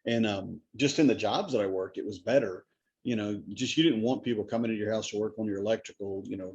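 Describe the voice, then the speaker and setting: A man co-hosting a podcast in casual chat. He is an animated storyteller who acts out voices and enunciates carefully. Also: fairly low pitch, quick pace, husky. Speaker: podcast co-host. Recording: dull lo-fi sound.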